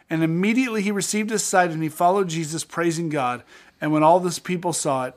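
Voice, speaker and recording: A man co-hosting a podcast, reading scripture and retelling the stories with animated acted-out voices in a studio. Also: fairly high pitch, brisk. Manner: animated storyteller acting out scenes. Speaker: podcast co-host. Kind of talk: casual Bible-reading podcast chat.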